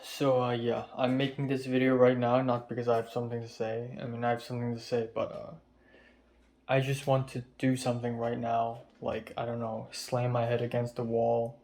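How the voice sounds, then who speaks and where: A man's voice: medium pitch, monotone, normal speed. Tired, stressed young man venting. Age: young adult. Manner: stressed, rambling, swearing, soft-spoken from tiredness. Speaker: vlogger. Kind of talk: confessional vlog rant. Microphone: phone camera.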